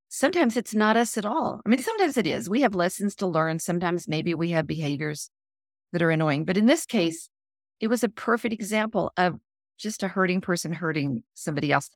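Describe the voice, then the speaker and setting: A woman's voice: on the low side, dry recording, clean studio sound. A middle-aged woman telling a personal story as a guest author in an interview, acting out the lines of the people in it. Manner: animated storyteller acting out quoted lines, laughs.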